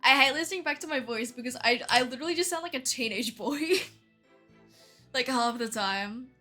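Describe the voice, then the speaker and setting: A young Australian woman with a strong accent chats casually to her stream audience, her voice bright and forceful. She leans on "like" a lot and keeps breaking into quick laughs. Faint music plays underneath. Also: high voice. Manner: chatty, fills talk with "like", laughs often. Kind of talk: casual livestream chat.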